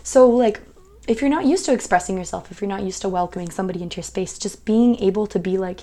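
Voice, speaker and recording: A woman's voice: mid-range voice, quick pace, mellow. A young woman giving a casual tarot reading, chatty and reassuring, with lots of fillers and playful quoted voices. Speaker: tarot reader.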